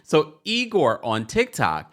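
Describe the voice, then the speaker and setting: Pop news host, man, lively swinging pitch, emphatic delivery. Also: takes it slowly. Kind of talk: commentary on entertainment news.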